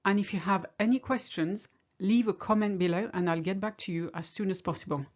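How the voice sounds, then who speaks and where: A woman teaching a French lesson in English, speaking clearly and slowing down to model French phrases. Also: mid-range voice, highs cut off. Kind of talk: language lesson.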